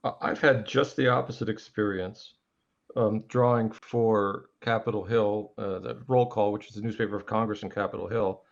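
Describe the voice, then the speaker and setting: A man's voice: lowish voice, steady tone, normal speed, gravelly. A man, a guest cartoonist, speaking fluently and explaining his point in a casual panel chat. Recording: dull lo-fi audio.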